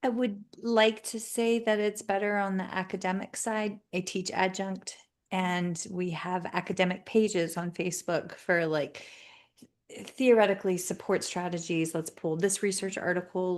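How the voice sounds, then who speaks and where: A woman speech-language pathologist hosting a podcast, speaking candidly and with feeling, in rushes and restarts. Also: fairly low pitch, fairly even intonation. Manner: heartfelt, talks in rushes and restarts. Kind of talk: candid, emotional conversation.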